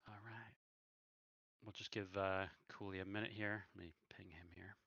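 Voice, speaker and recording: A man's voice: sits low, fairly even intonation, normal speed, vocal fry, fairly bright tone, dry recording, highs cut off. A man running a tabletop game, chatting casually and thinking aloud over a voice call. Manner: laid-back, thinking aloud. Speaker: game master. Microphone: online voice call.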